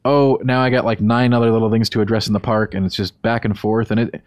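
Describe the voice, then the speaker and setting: A man's voice: fairly low pitch, level tone, fast talker, smooth, no room sound. A man reviewing a video game in a casual podcast chat, emphatic and opinionated, on a close studio mic.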